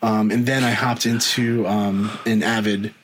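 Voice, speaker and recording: A man's voice: fairly low pitch, flat delivery, unhurried, breathy edge, poor audio. A middle-aged man talking casually as a podcast guest, rambling with many ums and restarts. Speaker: guest, video editor.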